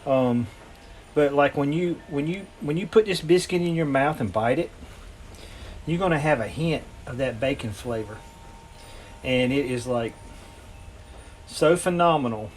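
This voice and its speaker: A man talks viewers through a recipe in his home kitchen. His delivery is folksy and rambling, full of ums and restarts. His voice sits at an ordinary middle pitch. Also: measured pace, pauses often, a little hiss or hum. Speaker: home cooking channel host. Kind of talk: casual cooking demonstration.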